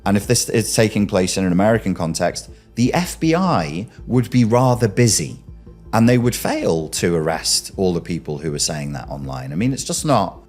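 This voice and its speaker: Emphatic man with a lively voice. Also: fairly low pitch, breathy edge. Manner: emphatic, rhetorical, questions the listener directly. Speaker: commentary host. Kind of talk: argumentative commentary.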